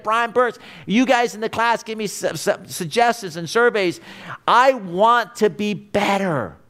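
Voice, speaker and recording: A middle-aged man giving a blunt motivational lecture to a class, emphatic and swinging between loud and quiet. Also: sits high. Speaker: class instructor. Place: classroom with students.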